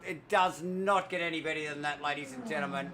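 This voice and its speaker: A man, commentating a sim race live, excitable and out of breath, rambling with fillers. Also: on the high side, a little fast, noisy background.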